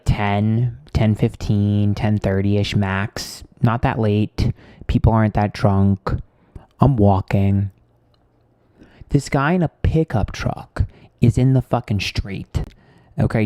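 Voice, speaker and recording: Hosting a tarot livestream, this man spins a casual, meandering, profanity-laced tale, veering from quiet muttering to loud, theatrical exasperation. His pitch is fairly low, and the studio-quality recording carries no room sound.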